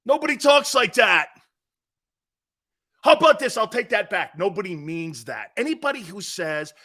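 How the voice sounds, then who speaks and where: Male sports show host, combative rant, high bright voice that swings all over the place. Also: big pitch swings, moderate pace. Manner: blunt, combative, mocking imitations of others. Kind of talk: opinionated sports radio rant.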